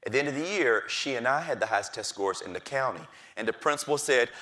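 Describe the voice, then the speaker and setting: A middle-aged man, a teacher, telling stories from his classroom with lively delivery and acting out the voices of kids and his principal. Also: mid-range voice, quick pace, few pauses. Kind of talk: storytelling talk.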